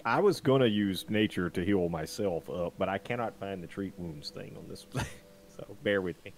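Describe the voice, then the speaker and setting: A man's voice: low voice, normal speed, slight background noise. A man playing a tabletop game, easygoing and asking rules questions. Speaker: player. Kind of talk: casual chat at a tabletop game.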